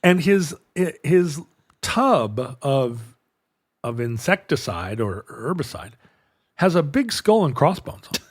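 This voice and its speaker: A man's voice: medium pitch, very animated, slow pace, slightly rough, no room sound, clean studio sound. A middle-aged man telling a long, rambling anecdote in casual chat, breaking off mid-sentence and acting out the dialogue. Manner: rambling, self-interrupting anecdote with quoted dialogue. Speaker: podcast host.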